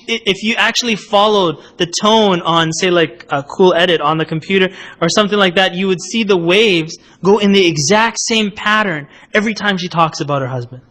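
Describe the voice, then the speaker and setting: A man with a notably high voice teaches in a relaxed, conversational lecture style. He explains step by step, often pausing to ask "right?" He slips briefly into other people's voices to act out his examples. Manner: explanatory, asks "right?" often, acts out quotes. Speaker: Islamic lecturer.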